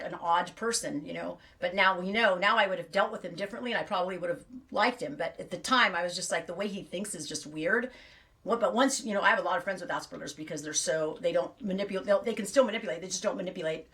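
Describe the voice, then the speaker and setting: A woman's voice: fairly low pitch, fast, a bit bright, far from the mic. A middle-aged woman hosting a knitting livestream, chatting in a rambling, self-deprecating way. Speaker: knitting show host.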